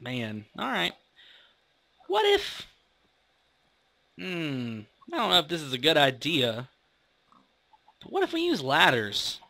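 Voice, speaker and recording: A young man talking through a game as he plays, chatty and rambling and quick to poke fun at himself. His voice is bright and tense-edged, swinging up and down in pitch with plenty of life. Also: huge pitch swings, gravelly, no room sound. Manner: rambling, chatty, self-mocking. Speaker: gaming video host. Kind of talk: casual let's-play commentary.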